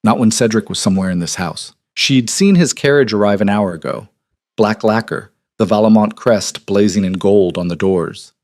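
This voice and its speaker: A man narrating a historical romance audiobook in an even, measured storytelling manner. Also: lowish voice, no room sound, clean studio sound.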